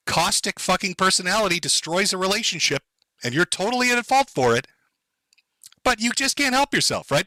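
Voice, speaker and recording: A man's voice: sits high, animated, a little fast, bright, forceful tone, dry recording, rough recording. A man live-streaming sarcastic, profane commentary, mocking and sardonic as he reacts to clips.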